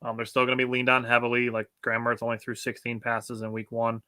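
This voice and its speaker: A man's voice: mid-range voice, monotone, quick pace, pushed and bright, clear, resonant tone, no echo, studio quality. A man co-hosting a sports podcast in casual chat, laughing often and reading out listener comments. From United States. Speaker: podcast co-host.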